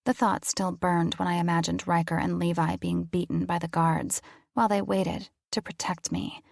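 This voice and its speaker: A gravelly-voiced woman narrates a novel in first person as an audiobook narrator. Her lowish voice has little pitch movement and a moderate pace, recorded dry in studio quality.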